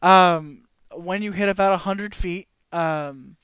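A man with a high, smooth voice narrates as game master of a tabletop game. He rambles with many fillers and restarts. The recording is dry and a little dull. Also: steady tone, takes it slowly, fairly bright tone, no echo.

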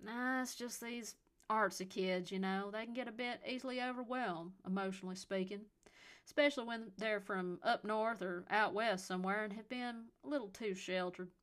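A woman's voice: mid-range voice, fairly even intonation, moderate pace, a bit bright, natural voice. Woman voicing an elderly Southern-accented male cop in an audiobook, patronizing and drawling. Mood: folksy. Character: elderly male Southern police officer, folksy, condescending.

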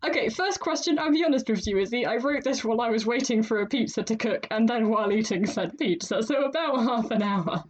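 A woman's voice: on the high side, lively intonation, brisk, hardly any pauses, lo-fi sound. A woman hosting a writing podcast in casual chat, chatty and laughing often. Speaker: podcast host.

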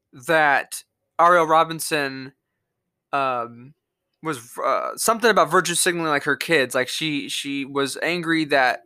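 A man's voice: fairly high pitch, sharp tone, no room sound, studio quality. A young man with a Mississippi Southern accent hosting a podcast, ranting angrily with lots of profanity and restarts. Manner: angry, profane, rambling with restarts. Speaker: podcast host. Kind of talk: political rant monologue.

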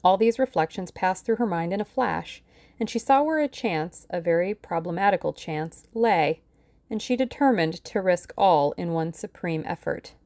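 A woman narrates a novel as an audiobook in a measured, steady way. Her voice sits on the low side. The recording is dry and close, with no room sound. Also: no room sound. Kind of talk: scripted narration.

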